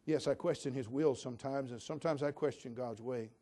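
A man's voice: medium pitch, fairly quick, dark tone. An older man preaching a sermon in a folksy, homespun storytelling way with fervent conviction.

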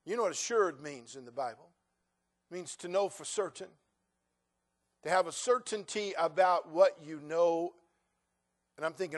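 A man preaching a sermon as pastor, telling a story with soft asides and then loud, emphatic stretches. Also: on the high side, moderate pace, long pauses.

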